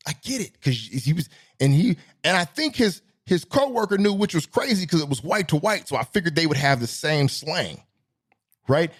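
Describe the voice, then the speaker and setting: A man's voice: on the high side, very animated, fairly quick, breathy edge. A man hosting a podcast, telling stories in a casual, rambling monologue and laughing at his own jokes. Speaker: podcast host.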